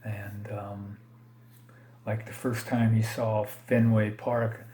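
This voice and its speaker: A man's voice: on the low side, level tone, takes it slowly, dark tone. A man casually talking through his collection, hesitant and rambling, often correcting himself and joking about his own mistakes. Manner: self-deprecating, laughs at own slips. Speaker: card collector vlogger. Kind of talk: casual unscripted commentary.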